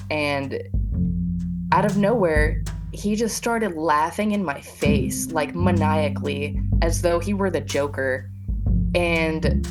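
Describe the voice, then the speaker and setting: Woman, low voice, personal testimony, casual, halting, many fillers, loud guitar music behind. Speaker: guest telling her story.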